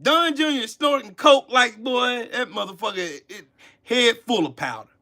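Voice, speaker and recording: Heated, profane man with a high voice. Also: expressive, unhurried, sharp tone. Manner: heated, profane, scolding the chat. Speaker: channel host. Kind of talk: livestream commentary rant.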